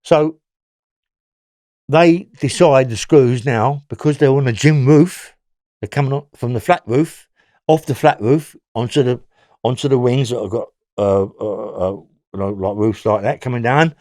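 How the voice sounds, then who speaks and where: Older man, london accent, blunt, swears freely, rambling, middle pitch, dry close sound. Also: a little slow, mellow, no echo. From England. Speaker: interview guest. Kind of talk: recounting prison stories.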